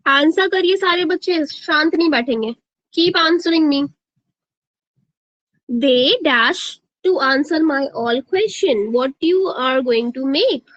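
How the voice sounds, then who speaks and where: A woman's voice: sits high, brisk, fairly bright tone, dry recording, lo-fi sound. A woman with an Indian English accent teaching a live online grammar class, drilling her students with questions and slipping into Hindi to prod them.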